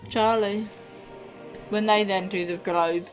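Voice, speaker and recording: A woman's voice: medium pitch, fairly even intonation, takes it slowly, soft background music. A woman co-hosting a reaction video, chiming in with short agreements and questions in casual chat.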